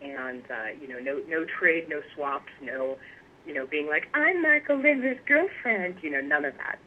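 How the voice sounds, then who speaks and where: A woman guest telling stories in a casual interview, animated and laughing often. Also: extremely low pitch, moderate pace. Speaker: guest, pipe maker. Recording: tinny phone line.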